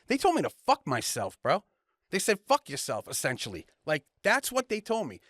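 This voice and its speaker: A young man vents in an animated, profanity-laced rant for a casual podcast. His voice sits a little high for a man, and the mic is close and dry. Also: moderate pace, dry recording. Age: young adult. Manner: profane, heated storytelling. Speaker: podcast co-host. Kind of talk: casual ranting chat.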